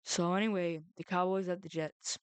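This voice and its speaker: A woman's voice: fairly low pitch, steady tone, normal speed, clean tone, dry recording. A young woman making football picks in casual, rambling chat, often interrupting herself with jokey asides. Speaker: sports predictions vlogger. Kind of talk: casual chat with mock phone call and bits. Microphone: headset or headphone mic.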